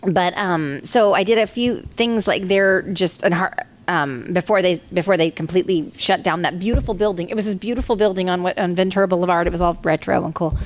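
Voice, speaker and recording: A woman in her forties, a voice actress telling stories at a convention panel, animated and slipping into other people's voices as she quotes them. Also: fairly quick. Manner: animated, acts out quoted voices in higher pitch.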